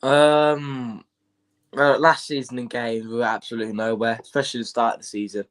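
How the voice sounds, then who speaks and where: A man's voice: medium pitch, level tone, fairly quick. A man co-hosting a casual football stream, stuffy with hay fever and a bug, repeating his points in a laid-back way. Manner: laid-back, repetitive, fan talk. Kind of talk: casual chat.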